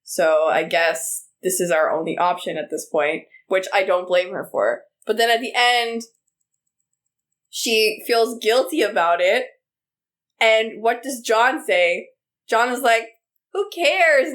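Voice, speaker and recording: Slow-talking young woman podcaster. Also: mid-range voice. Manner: relaxed, lots of "like" and "um", mimics characters. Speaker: podcast co-host. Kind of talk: casual chat.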